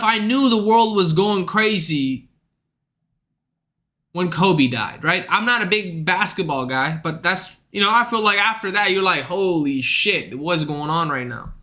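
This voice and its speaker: A man's voice: high-pitched, lively intonation, unhurried, long pauses, pushed and bright. A young man streaming, ranting in a casual, profane, slangy way to his chat. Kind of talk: livestream rant.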